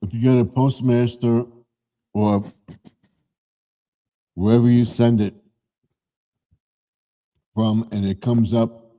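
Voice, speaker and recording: A man's voice: medium pitch, fairly even intonation, slow pace, pauses often, mellow. A man in his seventies hosting a live stream, chatting casually in a rambling way and often correcting himself.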